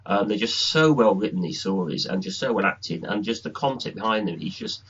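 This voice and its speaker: A man co-hosting a podcast, reviewing an episode in a rambling, halting way. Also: fairly low pitch, animated, fairly bright tone, slightly rough, muffled recording. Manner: rambling, halting, restarts a lot. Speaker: podcast co-host. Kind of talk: casual review chat.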